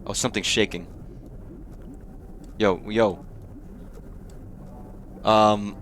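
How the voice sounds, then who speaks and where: A man's voice: fairly low pitch, steady tone, very slow, a bit bright, slight background noise. A man hosting a let's play, muttering and swearing at the screen, with startled reactions. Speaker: host of a gaming channel.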